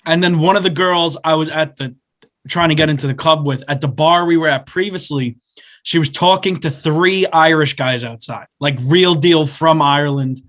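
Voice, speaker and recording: A man's voice: a little high, normal speed, a bit bright. A man in his twenties co-hosting a podcast, telling a rambling anecdote in casual chat and acting out what people said. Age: 20s. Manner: rambling anecdote with acted-out quotes. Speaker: podcast co-host.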